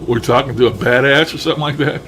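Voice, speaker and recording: A man's voice: mid-range voice, quick pace, heavy background noise. A man casually commenting on his own recordings, musing aloud, chuckling often and swearing now and then. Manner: chuckling, musing, mildly profane. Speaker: paranormal enthusiast reviewing his recordings. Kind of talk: casual commentary over playback.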